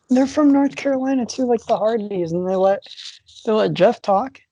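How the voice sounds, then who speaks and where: A woman co-hosting a casual wrestling podcast, chatty and quick to laugh. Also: on the high side, animated, mellow, no room sound, dull audio. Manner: chatty, laughs often between remarks. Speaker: podcast co-host.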